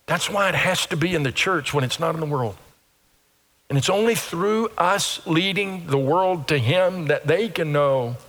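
A man preaching a sermon as pastor, animated and acting out the little voices of churchgoers. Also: on the high side. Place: church sanctuary. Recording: long reverb of a church hall.

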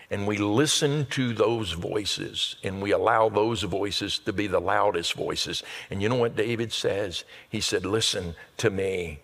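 A man's voice: on the low side, slightly rough. Man preaching in a reverberant hall. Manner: earnest preaching that builds to loud emphatic peaks. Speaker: pastor. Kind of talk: sermon. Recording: long reverb of a large hall.

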